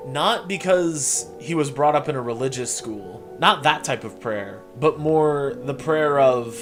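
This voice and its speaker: A man's voice: mid-range voice, unhurried, hardly any pauses, soft background music. A man giving casual, wry commentary, often laughing and slipping into mock voices. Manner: wry, laughing, jumps between silly voices. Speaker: video commentator.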